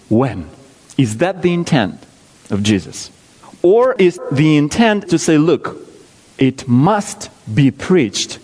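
A man preaching a sermon, reading scripture slowly and pressing rhetorical questions on his listeners. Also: a little high. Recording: long hall reverb.

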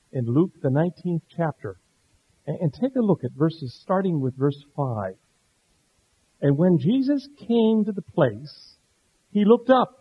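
A middle-aged man preaching a sermon, earnest, dropping to a hush and then rising to stress a point. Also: a little high, breathy edge. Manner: earnest, swings between hushed and emphatic. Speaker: pastor. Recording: dull lo-fi sound.

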